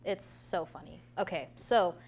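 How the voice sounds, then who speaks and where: A woman's voice: on the low side, measured pace, vocal fry, a little mellow. Young woman chatting on a podcast, laughs a lot, swears casually, bit of noise behind. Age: young adult. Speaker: podcast co-host. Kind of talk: casual chat.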